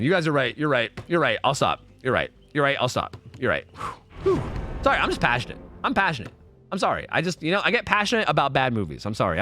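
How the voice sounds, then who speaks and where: A young man streaming a game live, chatting with his viewers in a profane, excitable, rambling way. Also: a little high. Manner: rambling with frequent restarts and fillers. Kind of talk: casual live-stream chat while gaming.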